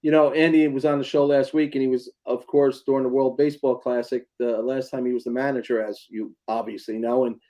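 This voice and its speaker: A middle-aged man who is a former police officer, co-hosting a casual chat and telling stories with rising emphasis. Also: medium pitch. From New Jersey. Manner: animated, storytelling with rising emphasis.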